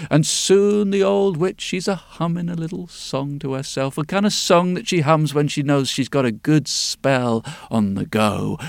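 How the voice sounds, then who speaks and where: A man telling a folk tale in a rhythmic, lilting way, dropping to hushed tones at times. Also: on the high side, vocal fry, no echo, clean studio sound. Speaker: storyteller.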